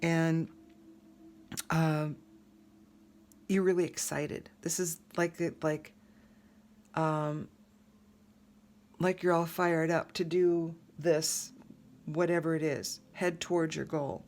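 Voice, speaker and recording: Tarot reader, woman, low-pitched and chatty, restarts often; faint noise underneath. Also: flat delivery, slow pace, pauses often, a little mellow. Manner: rambling, conversational, frequent fillers and restarts. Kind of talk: casual tarot reading.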